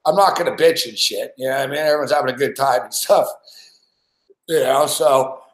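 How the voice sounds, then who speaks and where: This Montreal podcast host speaks fairly quickly in a mid-range voice. His casual storytelling is a profane, meandering anecdote, full of laughter and "like," captured in a room with echo.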